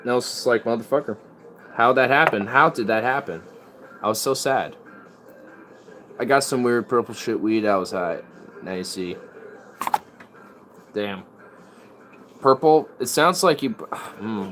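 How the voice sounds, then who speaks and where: A man's voice: lowish voice, lively intonation, unhurried, pauses often, noisy background. A man rambling in casual chat as a streamer. He is laid-back and slangy and often breaks into laughs.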